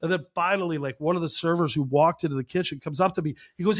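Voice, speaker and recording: A man co-hosting a chat show, telling a long story in a loose, animated way with lots of filler words. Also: on the high side, quick pace. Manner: animated, rambling, heavy use of "like". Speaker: podcast co-host, chef.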